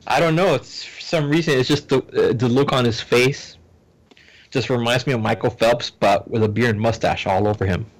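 A man's voice: medium pitch, normal speed, poor audio. Hesitant man in casual chat. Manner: hesitant, many ums and restarts.

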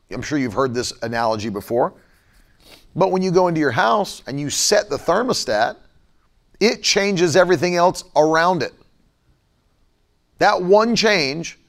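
Emphatic, lively male preacher with gravelly edge. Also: on the high side. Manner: emphatic, repeats key phrases, slows for stress. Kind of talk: sermon.

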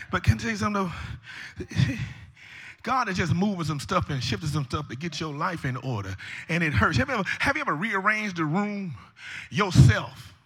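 A man preaching a pep talk to listeners, moving from easy talk into sing-song shouting. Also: fairly high pitch, slightly rough. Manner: talks to listeners as "y'all".

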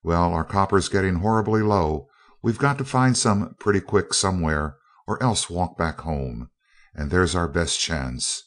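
A brash young adventurer, read by a man in a spoken storybook. He talks in a confident, slangy, breezy way, in a low, deep voice. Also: a little slow. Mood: eager.

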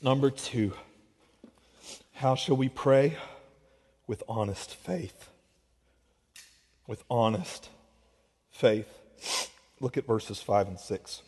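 A man's voice: medium pitch, very slow, pauses often, darkish tone, breathy edge. A male pastor, preaching a heartfelt sermon. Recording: long reverb of a large hall.

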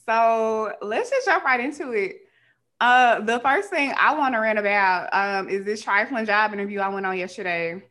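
Young woman podcast host, high and bright, animated storytelling rant. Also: moderate pace. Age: young adult. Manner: animated, colloquial, acts out dialogue.

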